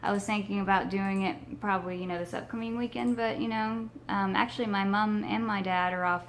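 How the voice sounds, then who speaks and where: A young woman from Texas chatting casually to her viewers, her voice hoarse from a sinus infection, rambling with many ums. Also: medium pitch, fairly even intonation, a little fast, slight background noise. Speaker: paranormal vlogger. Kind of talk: casual vlog chat to camera.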